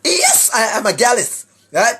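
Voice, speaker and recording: High-pitched slow-talking Jamaican man. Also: wildly swooping pitch, background noise. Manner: emphatic, often shouting, tags lines with "right?". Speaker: online commentator. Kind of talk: preachy monologue to viewers.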